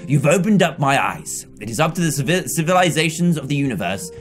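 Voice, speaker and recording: A man voicing a defeated male alien underling in a game, speaking low and apologetic. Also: sing-song, a little fast, soft background music. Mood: humbled.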